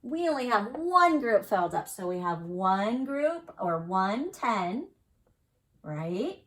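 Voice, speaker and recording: Slow, encouraging woman teaching young kids. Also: medium pitch, big pitch swings, a bit bright. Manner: slow, encouraging, sing-song counting with questions to kids. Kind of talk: early-grade math lesson to children.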